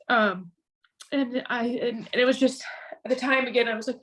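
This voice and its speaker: Guest mother, woman, halting and emotional, lots of restarts. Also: a little high, fairly even intonation, fairly bright tone. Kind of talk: emotional personal storytelling.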